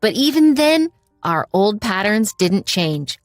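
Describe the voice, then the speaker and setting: A woman's voice: mid-range voice, sing-song, takes it slowly, dry recording, soft background music. Woman narrating a first-person story.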